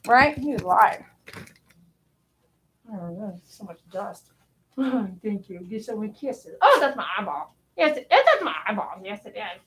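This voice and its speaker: A woman's voice: mid-range voice, very animated, measured pace. A woman dog groomer on a live stream, cooing affectionately as she talks to a dog. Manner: cooing, affectionate talk to a pet.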